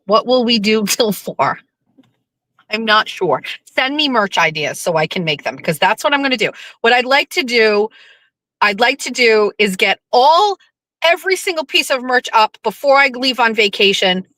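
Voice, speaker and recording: A woman's voice: on the high side, lively intonation, normal speed, sharp tone, no echo, rough recording. A woman hosting a livestream in casual, rambling chat, full of fillers and playful swearing. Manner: rambling and chatty, lots of fillers. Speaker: livestream host.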